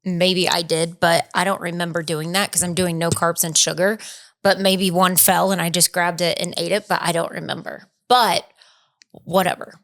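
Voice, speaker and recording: A woman co-host from North Carolina with a fairly low voice, chatting casually. She pokes fun at herself and cuts in with short asides. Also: little pitch movement, creaky, fairly bright tone. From North Carolina, USA. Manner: self-deprecating, jumps in with quick asides. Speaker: podcast co-host. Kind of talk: casual chat.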